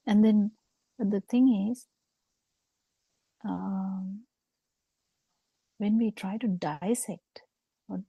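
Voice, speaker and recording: A woman giving a slow, halting Buddhist dharma talk over a video call, with frequent fillers. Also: mid-range voice, fairly even intonation, vocal fry, dark tone, slightly rough, no echo, lo-fi sound. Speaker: Buddhist teacher.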